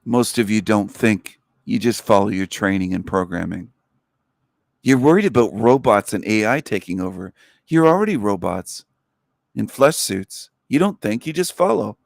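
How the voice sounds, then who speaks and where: A man's voice: on the low side, animated, normal speed, creaky, no echo, clean studio sound. A man hosting a livestream, delivering a contemptuous, mocking rant to his viewers. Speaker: livestream host. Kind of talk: ranting livestream monologue.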